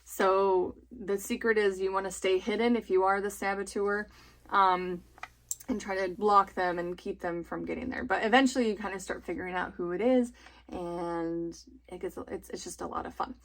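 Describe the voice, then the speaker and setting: A homeschooling mom in her thirties gives a casual, chatty review of family board games, enthusiastic and laughing often. Her mid-range voice keeps a steady tone at a moderate pace.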